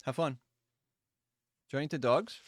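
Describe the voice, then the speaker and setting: A man hosting a live stream, chatting casually and easygoing with viewers, with quick asides and apologies. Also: mid-range voice, dry recording, studio quality. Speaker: livestream host.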